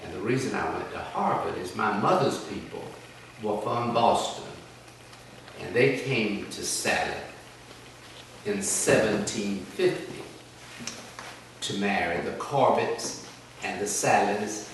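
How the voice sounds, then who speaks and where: A man's voice: fairly low pitch, slow, pauses often, a bit bright. Older man reminiscing, echoey room. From South Carolina, US. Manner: rambling, folksy, self-deprecating. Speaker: oral history interviewee. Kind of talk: reminiscing storytelling. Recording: echoey room, distant mic, noisy background.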